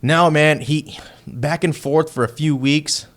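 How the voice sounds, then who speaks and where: A man from Texas, a heavy metal band member, telling a story as a podcast guest in a loose, profane and excitable way. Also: on the high side, takes it slowly. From Texas, United States. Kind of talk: casual storytelling chat.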